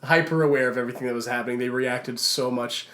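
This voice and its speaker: Excitable stammering man on a podcast. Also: medium pitch, quick pace. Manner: excitable, rambling, stammering restarts. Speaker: podcast co-host. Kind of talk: casual podcast chat.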